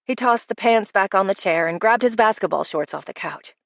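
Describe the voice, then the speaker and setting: A woman narrating a first-person romance audiobook with wry, expressive delivery. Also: medium pitch, a little fast, creaky, no room sound.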